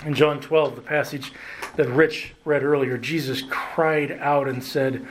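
A man preaching a sermon as pastor, earnest, slowing down and lifting his voice to stress key words. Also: medium pitch, fairly even intonation, slight background noise, poor audio. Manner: earnest preaching, slows and rises for emphasis, occasional restarts.

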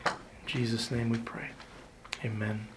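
A man preaching a sermon as pastor, earnest, slowing down and lifting his voice to stress key words. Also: medium pitch, flat delivery, heavy background noise. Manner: earnest preaching, slows and rises for emphasis, occasional restarts.

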